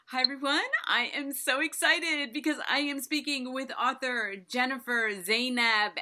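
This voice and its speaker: A woman hosting an interview with an author, talking in a gushing, excitable way with quick asides. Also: mid-range voice. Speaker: podcast host interviewing an author. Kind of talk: enthusiastic interview chat.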